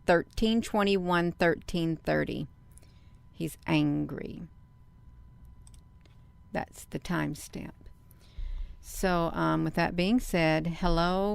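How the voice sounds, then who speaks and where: A woman's voice: lowish voice, gravelly, smooth. A woman hosting her own channel in a casual vlog monologue, talking earnestly and folksily and repeating herself often. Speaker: channel host.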